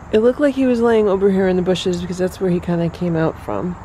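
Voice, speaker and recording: A home cat vlogger talking to the camera in a calm, matter-of-fact voice of middling pitch. The narration is casual and unhurried, with a faint hiss of background noise behind it. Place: home and yard, in and out of doors.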